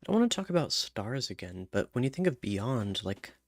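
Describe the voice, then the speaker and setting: A man's voice: mid-range voice, big pitch swings, fairly quick, no echo, clean studio sound. A man thinking aloud while he writes song lyrics, muttering rhyme words and humming placeholder syllables. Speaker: songwriter.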